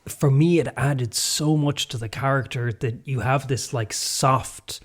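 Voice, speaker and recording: A man with a mid-pitched voice talks things through as a podcast co-host. He hedges and circles his points with fillers, reflective rather than punchy. The tone is relaxed conversation. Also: unhurried. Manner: thoughtful, hedging, lots of fillers. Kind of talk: casual chat. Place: North Clare, Ireland.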